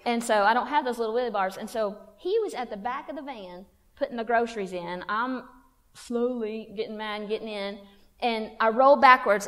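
Against background noise, a woman with a fairly high voice recounts a funny story about herself to a women's church conference. Her style is folksy and self-mocking, and the church hall gives the recording a long reverb.

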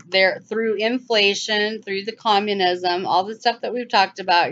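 A woman hosting her own channel, commenting urgently over video clips and mocking with sarcastic high-pitched asides. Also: fairly bright tone. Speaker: channel host. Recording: dull lo-fi sound.

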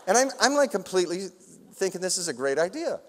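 A man telling a long, animated anecdote at a public talk, laughing often and acting out other people's lines. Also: sits high, quick pace, slight background noise. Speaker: award recipient speaking on stage. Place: large auditorium. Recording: long hall reverb.

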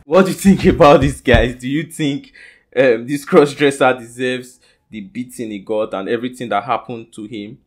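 A man's voice: medium pitch, normal speed. A man with a Nigerian accent who hosts a gossip news vlog, reading the stories casually and putting questions to his viewers. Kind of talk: reading celebrity news to camera.

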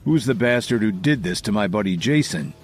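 A male narrator voicing a menacing crime lord who snarls slow, cold threats in an audio story. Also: fairly low pitch, lively intonation, faint music behind, close to an everyday voice.

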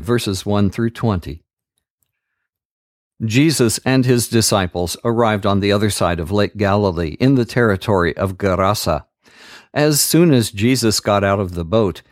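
A man hosting a daily Bible reading podcast, reading scripture aloud in a slow, measured, earnest way and adding a short devotional comment. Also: lowish voice, no echo, clean studio sound.

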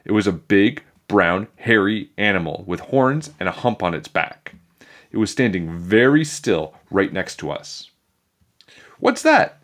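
A man reading a children's chapter book aloud in a playful, animated storytelling manner. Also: deep voice, measured pace. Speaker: storybook reader.

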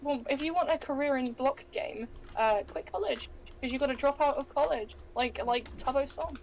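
A young woman with a high voice chats through a gaming stream. She giggles often and teases herself. The talk is casual and rambling. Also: normal speed, a little hiss or hum, low-quality recording. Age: young adult. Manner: playful, giggly, self-mocking. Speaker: Minecraft streamer.

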